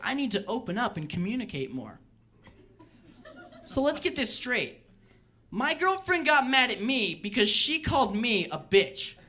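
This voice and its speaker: A young man doing a stand-up comedy set on a club stage, telling animated stories and mimicking the voices of people in them. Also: high-pitched.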